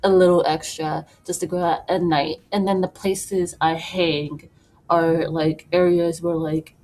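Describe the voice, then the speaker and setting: Young woman, low-ish voice, unhurried filler-laden chat, music clear in the background. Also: dark tone. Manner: rambling, filler-heavy, many "like"s; laughs between thoughts. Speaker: beauty vlogger. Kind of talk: casual get-ready-with-me chat. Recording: music playing clearly behind voice.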